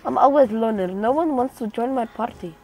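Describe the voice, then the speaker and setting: A young woman, not a native English speaker, hosts a gaming channel and chats casually over her gameplay, breaking into startled exclamations. Her voice is fairly high, a little fast and warm in tone, on a noisy home game recording.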